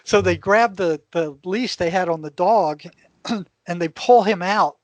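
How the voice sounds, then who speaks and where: An older man, a retired therapist guest, telling an animated story in casual conversation with frequent restarts. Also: sits high, measured pace, dry recording.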